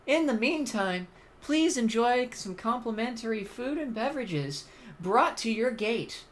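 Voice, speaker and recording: A streamer putting on the voice of a polite airline gate announcer, giving formal, measured announcements. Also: mid-range voice, lively intonation, pitched above the performer's own voice, close to an everyday voice. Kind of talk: mock airport announcement.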